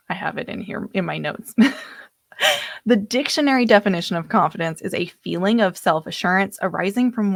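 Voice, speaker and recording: Chatty woman coach with a gravelly voice. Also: lowish voice, no room sound. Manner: chatty, loose and self-deprecating, loses her place in her notes. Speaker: personal development coach. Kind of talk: live online workshop teaching.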